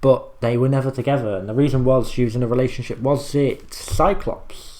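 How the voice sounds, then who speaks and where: A man's voice: mid-range voice, steady tone, a little fast, mellow. A young man hosting a reaction video, rambling casually as he explains lyrics and swears freely.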